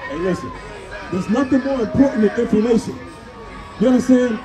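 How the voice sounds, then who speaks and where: Guy street preaching at a parade, keeps asking ppl questions, loud crowd noise all around. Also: very high voice, fairly quick. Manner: pressing, repeatedly asks questions, sometimes shouts. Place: outdoors at a busy street parade. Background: parade crowd and music.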